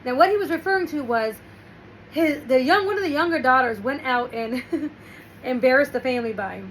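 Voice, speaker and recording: A woman's voice: sits high, fairly quick, fairly bright tone, a little hiss or hum, poor audio. A woman host talking casually and rambling through a story while giving relationship and self-help advice. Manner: rambling, restarts, storytelling with quoted asides.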